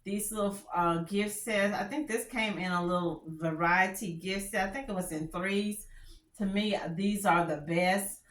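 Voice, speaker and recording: A woman's voice: medium pitch, a little slow, a bit bright, reverberant. A woman with a country Texas drawl chatting candidly as she reviews fragrances, often restarting her sentences. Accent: Texan. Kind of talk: casual product review chat.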